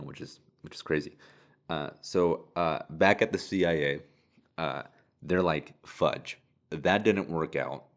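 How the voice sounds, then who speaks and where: A man hosting a podcast, casually recapping a TV episode in a rambling way, full of fillers and restarts. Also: low voice. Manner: rambling, filler-heavy, with frequent restarts and chuckles. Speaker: podcast host.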